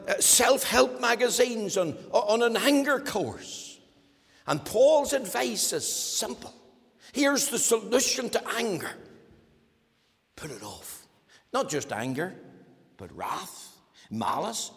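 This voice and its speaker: A man delivering a sermon in a high voice that swoops up and down with animation. He preaches with strong emphasis, slipping into the voices of complaining listeners. A long reverb trails behind him, as in a large church hall. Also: gravelly. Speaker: pastor.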